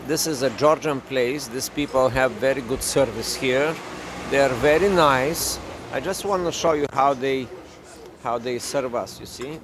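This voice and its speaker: A man's voice: medium pitch, noisy background. A man co-hosting a casual chat on a cafe terrace, joking and rambling. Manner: joking, rambling, switches into mock voices. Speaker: vlog co-host.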